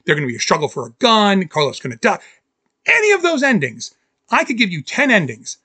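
Bright, excitable man chatting about movies. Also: sits high, fairly quick, slightly rough, no echo. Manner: excitable, acts out scenes in quotes. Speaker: podcast co-host. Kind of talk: casual movie-review chat.

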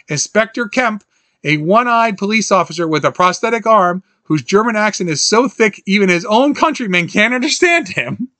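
Brief: animated man hosting a chatty film recap, high bright voice, dry close sound. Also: no echo. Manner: animated, quotes scenes in jumpy high voices, laughs often. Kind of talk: casual film recap chat.

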